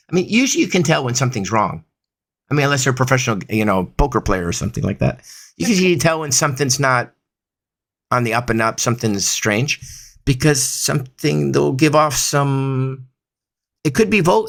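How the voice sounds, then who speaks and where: A man's voice: medium pitch, fairly bright tone. A man teaching body language and voice control in an explanatory talk, demonstrating examples and checking in with frequent asides.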